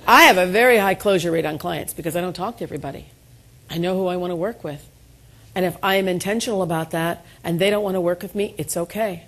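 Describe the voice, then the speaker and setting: Woman giving a lively motivational talk. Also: lowish voice, fairly quick. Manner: storytelling, self-deprecating humor, rousing call-and-response. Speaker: keynote speaker. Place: event room before an audience.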